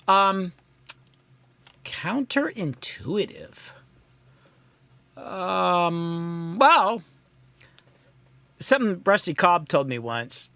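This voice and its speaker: A man's voice: on the high side, sing-song, slow pace, long pauses, bright, forceful tone, dry recording. A man hosting a casual live stream from his home mixing studio, thinking aloud and rambling in a self-deprecating way, with lots of ums.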